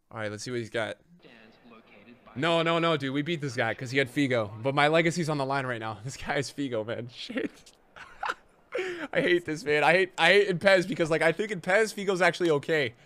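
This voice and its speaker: A young man streaming a football video game, chatting casually with his viewers and swinging from low mutters to excited shouts, full of slang. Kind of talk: live gameplay commentary.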